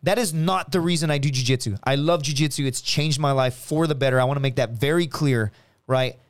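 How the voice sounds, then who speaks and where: A man guesting on a podcast, telling stories in a lively, profane, casual way and acting out other people's voices. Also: medium pitch, fairly quick, no echo. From United States. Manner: animated, profane, acts out friends' voices. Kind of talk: casual storytelling chat.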